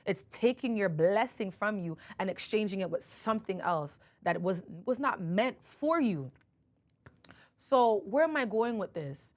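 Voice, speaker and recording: A woman's voice: mid-range voice, animated, measured pace. A woman podcast host retelling a Bible story in a casual, emphatic way, often correcting herself. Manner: conversational, self-correcting, emphatic.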